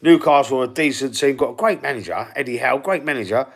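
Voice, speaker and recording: This football channel host is a middle-aged Cockney Londoner with a gravelly, medium-pitched voice and a quick pace. On his livestream he chats casually about football predictions and reads out viewers' comments and predictions from the live chat, often tripping over and repeating his words.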